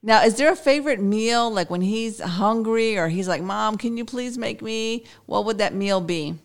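A woman's voice: a little high, moderate pace. A woman hosting a casual interview, upbeat and friendly in her questions. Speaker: radio host.

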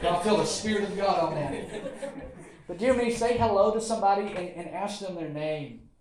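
Male Southern pastor, high voice, folksy sermon with repeated lines and asides; roomy church echo. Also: a crowd in the background. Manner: folksy preaching, repeats phrases, quick asides and chuckles. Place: church sanctuary.

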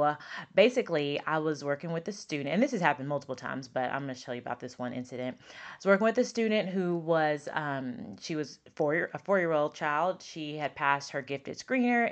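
A woman hosting a podcast as a speech pathologist and teacher, chatty and emphatic, repeating words for stress. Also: low-pitched. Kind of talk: casual podcast talk.

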